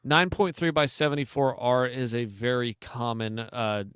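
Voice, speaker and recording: A man's voice: medium pitch, fairly even intonation, normal speed, a bit bright, smooth, no echo, clean studio sound. A man co-hosting a hunting podcast, explaining cartridges in detail and reading the show's sign-off in a casual chat. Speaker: podcast co-host.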